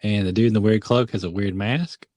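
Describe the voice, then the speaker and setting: A man's voice: fairly low pitch, fairly even intonation, a little fast, a little mellow, no room sound. A man co-hosting a podcast, retelling a movie in casual chat, laughing often and briefly acting out the characters' lines. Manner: laughs often, acts out quotes in funny voices. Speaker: podcast co-host.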